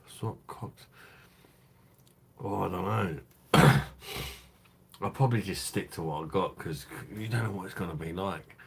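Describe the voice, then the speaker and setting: Crude, low-voiced man chatting. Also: gravelly, breathy edge. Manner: laughing, crude banter with chat. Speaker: live stream host. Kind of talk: casual live stream chat.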